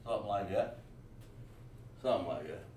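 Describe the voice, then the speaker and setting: A man's voice: lowish voice, moderate pace, darkish tone, slight background noise. A man teaching a livestreamed lesson, talking while he writes on a board, with many fillers and restarts. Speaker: Hebrew teacher. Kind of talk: livestream class. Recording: roomy echo, mic at a distance.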